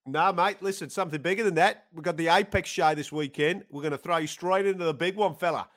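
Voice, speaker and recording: A man's voice: fairly high pitch, quick pace, fairly bright tone, natural voice. A man voicing a laid-back male fight matchmaker with a put-on Australian accent, easygoing and matey.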